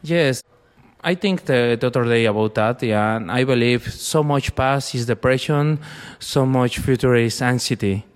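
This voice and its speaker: Brief: young man, clear resonant voice, long reverb, halting storyteller. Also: medium pitch. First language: Spanish. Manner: halting, searching for words in a second language. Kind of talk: personal storytelling in conversation.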